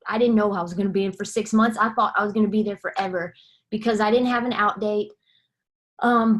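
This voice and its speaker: A woman's voice: mid-range voice, a bit bright. A young woman, giving a candid personal testimony and acting out quoted dialogue as she tells it. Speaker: guest sharing her testimony.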